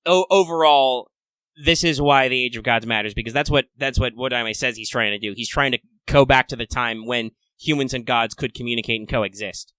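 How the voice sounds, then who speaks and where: Male podcast co-host, bright tone, dry close sound, chatty and playful. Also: medium pitch, brisk, smooth, no echo. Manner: chatty, playful and upbeat, with excited asides. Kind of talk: casual fan discussion podcast.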